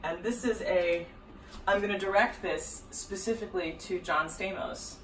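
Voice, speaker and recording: A woman's voice: lowish voice, moderate pace, fairly bright tone, slight background noise. Female guest, casual and wry, roomy distant sound. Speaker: guest singer-songwriter. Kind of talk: casual chat. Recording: echoey room, voice a bit off-mic.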